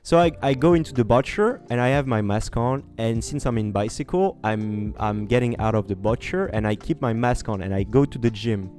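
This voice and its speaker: A man's voice: mid-range voice, brisk, hardly any pauses, darkish tone. A man with a French accent, a podcast guest telling a story casually, with many fillers and restarts and slips into French. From France. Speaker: podcast guest, competitive gamer.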